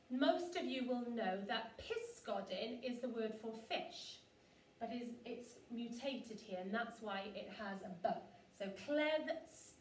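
Woman teaching kids, slow and high-voiced, echoey room, heard from a distance. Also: a little hiss or hum. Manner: slow, clearly modelled words for children to repeat. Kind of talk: children's language lesson.

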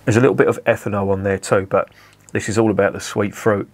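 A man's voice: lowish voice, level tone, quick pace. Chatty man reviewing beer. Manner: chatty, self-correcting, swears at the camera. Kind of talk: casual review monologue.

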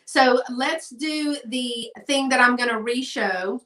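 A woman's voice: sits high, slow pace, sharp tone, far from the mic. A middle-aged woman, hosting a live sale in a chatty style and addressing viewers by name. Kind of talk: live-stream sales chat. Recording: echoey room, voice off-mic.

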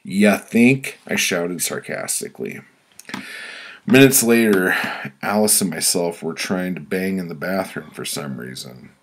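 A man reads his own story aloud, deadpan and blunt, breaking into loud shouts at times. His voice sits very low and gravelly, with a husky edge. The telling stays plain and unhurried. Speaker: author reading his own work. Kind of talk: spoken-word storytelling.

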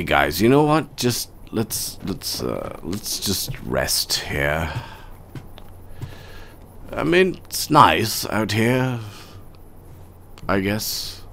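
Slow-talking man with a deep, swinging voice. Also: sing-song, fairly bright tone. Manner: wry, sarcastic asides. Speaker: gaming commentator. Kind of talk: casual gameplay commentary.

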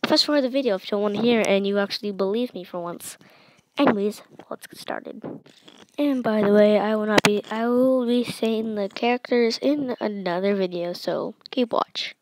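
A woman's voice: mid-range voice, normal speed, no room sound, low-quality recording. A teenage girl reading her own story aloud and chatting afterward in a rambling way.

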